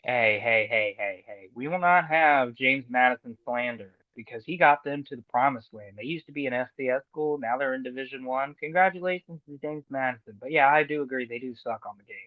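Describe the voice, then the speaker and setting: Playful podcast co-host, tinny line. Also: male voice, medium pitch, brisk, few pauses, no echo. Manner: playful, bursts of loud chanting. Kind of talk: casual chat. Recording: dry tinny phone-like line.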